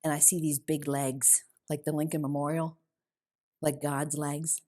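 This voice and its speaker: A woman's voice: low voice, level tone, unhurried, dark tone. A middle-aged woman speaking at a women's conference, telling her personal faith story in an earnest, emotional way. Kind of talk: personal testimony. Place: conference hall.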